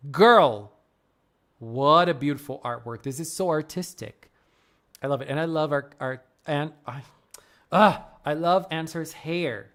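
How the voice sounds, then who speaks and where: Reviewing fan art on a live stream, a woman speaks in a low-pitched voice at a measured pace. Her casual chat is full of effusive gushing, exclamations, laughter, and gasps.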